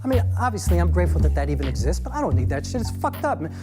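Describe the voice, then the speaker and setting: Man as proud defensive young woman attorney, fast and heated, music bed behind. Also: sits high, very animated.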